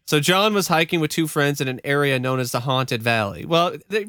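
A man's voice: on the high side, brisk, clean tone, dry recording, studio quality. A man co-hosting a podcast, recapping a ghost show in casual chat, often laughing and joking as he tells it. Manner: laughs often, relaxed storytelling with joking asides. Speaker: podcast co-host.

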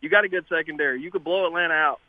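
A man's voice: a little high, rapid-fire, dry recording. A man calling in to a sports radio show, insistent and confident about his team. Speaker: caller. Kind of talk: call-in radio talk. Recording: tinny phone line.

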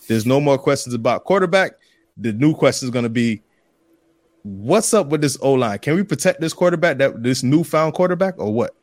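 A man's voice: medium pitch, expressive, brisk, a little mellow, no echo. A man speaking as a podcast guest, emphatic and confident. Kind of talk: casual podcast chat.

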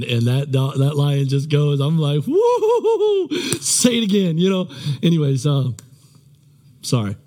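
A man's voice: fairly high pitch, a little mellow. A male pastor preaching a sermon in a conversational, rambling way, with many restarts and self-deprecating asides.

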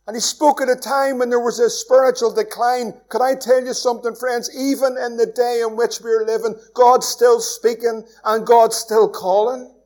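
A Northern Irish pastor preaching with a notably high voice. He is earnest and pleading, builds to strong emphatic peaks, then drops to near-hushed, intimate lines. A church sermon delivered to a congregation. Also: level tone, moderate pace, few pauses. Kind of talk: evening sermon.

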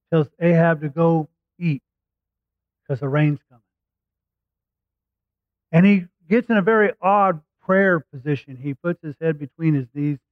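A man preaching, his voice sitting a little high. He retells a scripture story conversationally and acts out the quotes. The sound is tinny, like a phone line, and dry. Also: no room sound. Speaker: pastor. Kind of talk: sermon storytelling.

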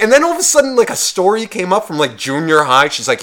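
Male podcast co-host, bright ringing tone, loose profane storyteller. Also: high voice, fast, hardly any pauses. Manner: rambling, heavy swearing, animated retelling.

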